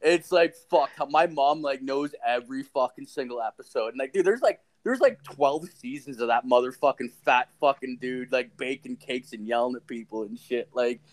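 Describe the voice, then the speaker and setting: Young guy host, swears nonstop, rambling animated anecdotes, mid-pitched. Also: moderate pace, few pauses. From Ontario, Canada. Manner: profane, rambling, animated storyteller. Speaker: podcast host. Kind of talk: casual storytelling chat.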